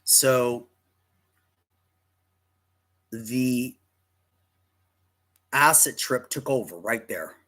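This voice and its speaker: A man's voice: lowish voice, a bit bright. A man telling a personal story in a rambling, dramatic way, often correcting himself mid-sentence.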